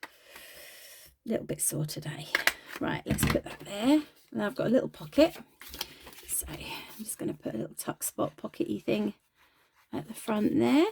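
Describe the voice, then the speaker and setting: A woman's voice: medium pitch, very animated, normal speed, gravelly, pauses often, mellow, slight background noise. A woman chatting casually while crafting, self-deprecating and talking as she works. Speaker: craft video host.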